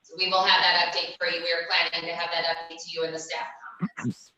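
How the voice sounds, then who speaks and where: A woman's voice: on the low side, little pitch movement, fast talker, pushed and bright, a little hiss or hum. A woman on the parks staff politely explaining procedure at a public meeting, sitting far from the microphone. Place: meeting room, far from the mic. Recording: very echoey room from afar.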